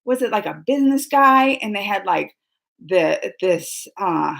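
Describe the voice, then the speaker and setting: A woman hosting a casual reaction discussion, talking in an animated, rambling and emphatic way with the people in the room. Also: mid-range voice, measured pace, vocal fry. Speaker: reaction show host.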